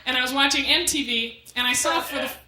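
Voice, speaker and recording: High-voiced woman doing stand-up. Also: fairly even intonation. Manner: bantering with the crowd, quick asides. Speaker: MC and stand-up comic. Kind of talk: stand-up comedy set. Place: comedy club stage with a live audience. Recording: echoey club room with loud noise.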